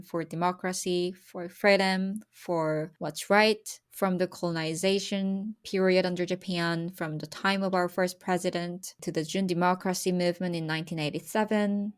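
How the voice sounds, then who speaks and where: A woman's voice: lowish voice, steady tone, normal speed. A young woman from South Korea, speaking earnestly and with emotion as a podcast guest about her country's history. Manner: earnest, emotional, repetitive emphasis. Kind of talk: personal conversation about history.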